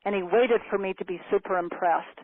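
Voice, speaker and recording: A woman in her fifties telling a personal story as a motivational speaker, animated and acting out the dialogue she quotes. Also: mid-range voice, a little fast, no room sound. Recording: tinny phone-like, dry sound.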